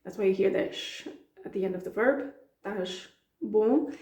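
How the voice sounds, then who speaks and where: A woman with a European Portuguese accent explains phrases in a mellow, relaxed voice, acting out bits of dialogue and laughing easily. Her voice rings with a roomy echo. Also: mid-range voice, normal speed. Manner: chatty, laughs often, acts out dialogue lines. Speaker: language teacher. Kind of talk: casual explanatory lesson.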